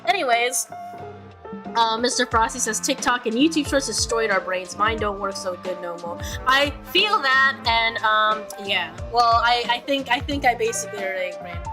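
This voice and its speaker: A woman's voice: a little high, expressive, normal speed. A young adult woman streaming, casually chatting and reading viewer comments, self-mocking with many restarts. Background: music playing.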